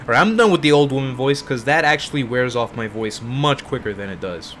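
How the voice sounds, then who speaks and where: A man's voice: mid-range voice, lively intonation, fairly quick, a bit bright, a little hiss or hum. Tired young male game streamer. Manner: self-deprecating, rambling asides. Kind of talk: casual gameplay commentary.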